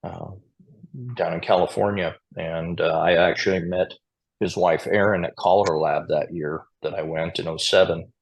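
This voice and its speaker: In a casual podcast interview, a Montana square dance caller tells chatty anecdotes and chuckles from time to time. His low voice is creaky and husky with fairly even intonation and a slightly slow pace, and the audio sounds dull.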